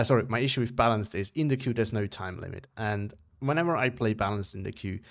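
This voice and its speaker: A young Swiss man with a low, gravelly voice chats casually through a game stream. His English has a loose British-American accent, and he wanders and corrects himself while answering viewers. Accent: Swiss, mixed British-American English. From Switzerland. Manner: rambling, self-correcting, chatting to viewers. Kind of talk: casual live-stream chat.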